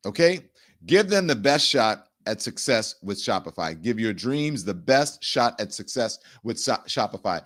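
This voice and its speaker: A man's voice: big pitch swings, normal speed, a bit bright. A middle-aged man hosting a talk show, chatting loosely and repeating words as he goes. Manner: chatty, repeats words, swings from sponsor pitch to heated rant. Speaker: show host. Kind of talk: casual talk show monologue.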